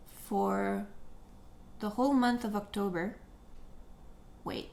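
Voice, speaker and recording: A woman chatting casually while doing her makeup, telling a story with jokes and animated retelling. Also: medium pitch, a little slow, gravelly, long pauses. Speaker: beauty vlogger. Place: at home, living room.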